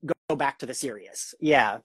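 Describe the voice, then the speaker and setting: A woman's voice: very deep voice, normal speed, husky, no echo. A young woman hosting a podcast interview over a video call. She talks casually and enthusiastically, rambling with heavy use of "like". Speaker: podcast host.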